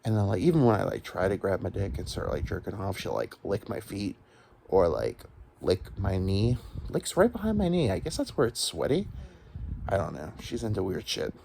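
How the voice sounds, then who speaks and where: A man's voice: deep voice, very animated, normal speed, gravelly, mellow, a little hiss or hum. A man in his thirties rambling through a crude, self-deprecating solo comedy monologue. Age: 30s.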